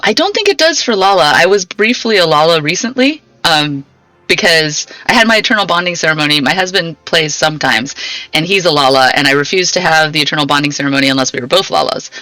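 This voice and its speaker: A woman's voice: low-pitched, expressive, brisk, sharp tone, no room sound. A young woman live-streaming a game, chatting with her viewers and laughing often. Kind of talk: casual live-stream chat while gaming. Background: game music.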